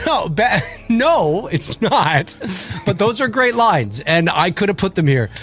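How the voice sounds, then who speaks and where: A man with a fairly high, very lively voice, excitable and quick to laugh as he talks through film picks. He often stumbles and repeats words, keeping the chat loose and casual. Faint music sits behind him. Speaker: guest co-host.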